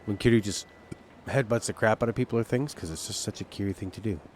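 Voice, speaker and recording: A man's voice: lowish voice, quick pace, slight background noise. A male game streamer rambling through casual, opinionated, jokey commentary while he plays.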